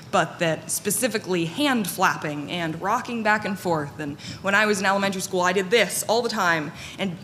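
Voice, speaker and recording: A woman with a fairly bright tone in a lowish voice speaks on a conference panel. Her talk is candid and self-deprecating, packed with fillers and restarts, recorded in a long-reverb hall with faint room noise.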